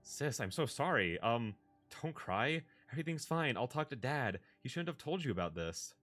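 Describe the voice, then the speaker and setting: A man reading a story aloud, voicing a young adult brother who is quick, laughing and apologetic. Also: medium pitch, big pitch swings, fairly bright tone, soft background music, pitched above the performer's own voice. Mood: soothing.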